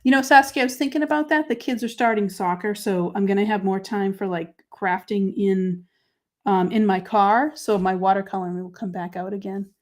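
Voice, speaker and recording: A woman hosting a live crafting show, chatting with viewers and talking through each step, her voice dropping to quiet murmurs while she writes. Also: mid-range voice, fairly even intonation, moderate pace. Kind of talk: live crafting chat, answering viewer comments.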